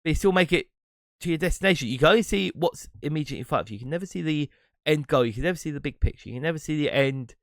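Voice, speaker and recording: A man's voice: on the high side, expressive, racing, fairly bright tone, no room sound, studio quality. A man hosting his own podcast, talking alone in a rambling, reflective way and breaking into laughs now and then. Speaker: podcast host and streamer. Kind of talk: casual solo monologue.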